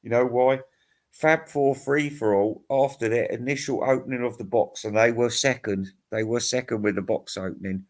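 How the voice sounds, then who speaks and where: A man's voice: mid-range voice, steady tone, moderate pace. A middle-aged man talks in a loose, rambling vlog, sounding tired at the end of the night. He rants and swears his way through his complaints, chuckling to himself between points. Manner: profane, ranting, chuckling. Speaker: music vlogger. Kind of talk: casual rambling monologue.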